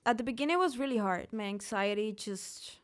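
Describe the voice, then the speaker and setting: A woman's voice: medium pitch, fairly quick. A young woman from Mexico talks candidly in a live interview at a studio event. She speaks with emphasis and often restarts her words mid-thought. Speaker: singer being interviewed.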